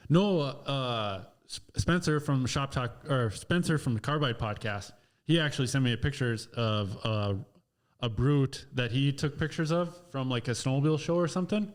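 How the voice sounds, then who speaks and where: A man's voice: mid-range voice, normal speed. Stammering man hosting a casual podcast. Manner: stammering, restarts a lot. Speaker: podcast host. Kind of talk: casual chat.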